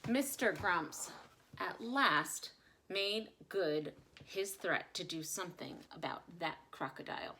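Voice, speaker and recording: Bright-voiced woman reading a storybook. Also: fairly low pitch, slow, a little hiss or hum. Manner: expressive, dramatic storybook delivery. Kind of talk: children's picture-book read-aloud.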